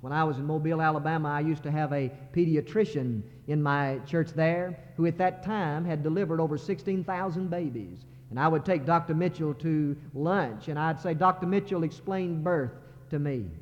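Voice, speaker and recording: A man's voice: fairly high pitch, normal speed. A man preaching a sermon as a pastor, building to impassioned crescendos. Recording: muffled sermon recording in a reverberant sanctuary.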